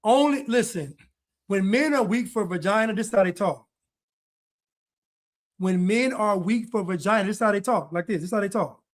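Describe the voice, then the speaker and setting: A man's voice: high voice, moderate pace, long pauses. A man giving reaction commentary in a blunt, preachy way, repeating his points. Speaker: online commentator.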